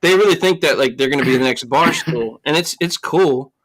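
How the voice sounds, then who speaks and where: Bright-voiced man in halting casual talk. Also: medium pitch, husky. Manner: laid-back, halting, repeats words. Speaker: podcast co-host. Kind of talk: casual podcast chat.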